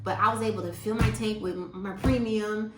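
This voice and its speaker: A woman, telling stories to her viewers in a chatty, expressive way. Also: medium pitch, a little fast, roomy sound, music in the background. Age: 50s. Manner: chatty and expressive, quotes people in lively voices. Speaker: vlogger. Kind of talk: casual storytelling to viewers.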